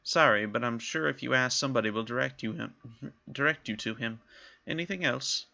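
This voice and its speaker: A man's voice: high-pitched, very animated, fairly quick, husky, dry recording, highs cut off, pitched above the performer's own voice, full character voice. A man voicing a dry-witted woman merchant who talks with a lilting cadence. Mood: teasing. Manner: teasing, wry.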